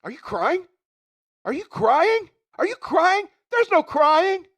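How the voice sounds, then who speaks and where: A man doing an impression of a gruff, hard-drinking baseball manager who yells at a player. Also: very high-pitched, sing-song, slow pace, pitched above the performer's own voice, full character voice. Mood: yelling. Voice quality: yelling, incredulous.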